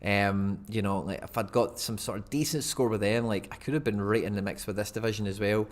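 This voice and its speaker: A man's voice: lowish voice, steady tone, a little fast. A man, chatting casually and rambling through a live stream, often laughing at himself. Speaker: fantasy football streamer.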